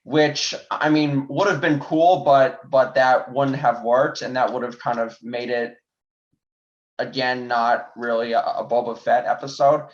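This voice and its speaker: A young man in a casual review chat, speaking in a thoughtful, measured way. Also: mid-range voice, steady tone. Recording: dull lo-fi remote mic.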